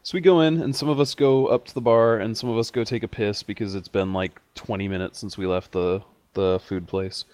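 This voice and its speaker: Man, mid pitch, dry recording, casual storytelling, joking. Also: fairly even intonation, fairly quick, few pauses, a little mellow, smooth, no room sound.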